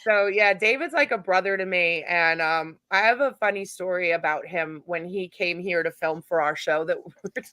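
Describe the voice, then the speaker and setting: A woman with a lowish voice speaks at a normal speed in a dry recording. She organizes paranormal events and tells a funny story in a casual chat, animated and laughing as she goes.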